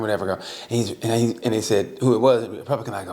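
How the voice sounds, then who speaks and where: A man's voice: mid-range voice, racing. A man co-hosting a casual comedy podcast, telling stories with lots of laughter and acting out the voices of the people he quotes. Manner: animated storyteller, acts out quoted voices, laughs often. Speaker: podcast co-host.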